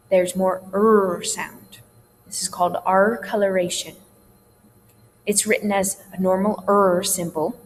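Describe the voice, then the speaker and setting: A woman theatre teacher giving a recorded dialect lesson, explaining sounds in a patient, reassuring way. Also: lowish voice. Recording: long hall reverb, faint hum.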